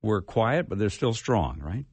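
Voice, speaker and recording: A man hosting an interview, asking questions in a halting way with many fillers. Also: lowish voice, very animated, husky, no room sound. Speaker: host.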